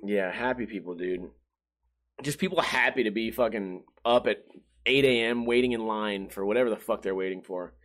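A man's voice: moderate pace, a bit bright. A young man telling stories in a casual monologue, swearing often and mimicking the people he talks about. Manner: profane, laughing, mimics others in a higher voice. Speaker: storyteller.

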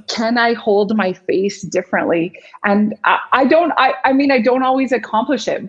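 A woman's voice: mid-range voice, highs cut off. A woman speaking as a guest expert in a conversational interview, telling stories and acting out the voices of people she quotes. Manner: animated storyteller, acts out quoted voices. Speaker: guest expert on body language.

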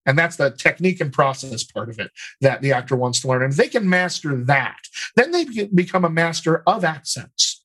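A man with a somewhat high speaking voice talks through his work as a dialect coach. He explains in an animated, conversational way and laughs easily between points. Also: fairly quick, breathy edge, poor audio. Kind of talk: conversational interview answers.

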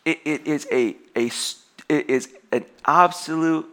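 A young man preaching with a bright, forceful tone set a little high. He talks in an animated way, laughs often and trips into quick restarts. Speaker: pastor. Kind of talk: sermon.

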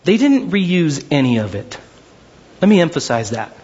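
A pastor delivers a lively sermon, his voice jumping between excited high asides and slow, low emphasis, and he trips over repeated words when he gets worked up. The recording is slightly rough and muffled.

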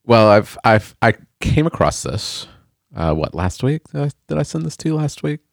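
A man hosting a podcast in casual chat, genial and halting, with frequent restarts. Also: medium pitch, sing-song, creaky, dry recording, studio quality. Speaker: podcast host.

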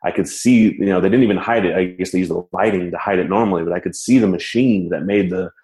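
Deep-voiced man telling a story. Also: fast. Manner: animated, self-mocking, laughs while telling. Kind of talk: casual personal storytelling. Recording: roomy echo.

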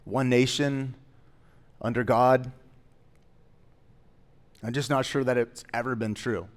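A man's voice: medium pitch, steady tone, slow pace. A man pastor preaching a sermon in a conversational way, with joking asides that rise into emphatic declarations.

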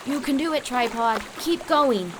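A woman voicing a fast, jumpy male roadrunner who shouts eagerly in a storybook reading. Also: high-pitched, lively intonation, background noise.

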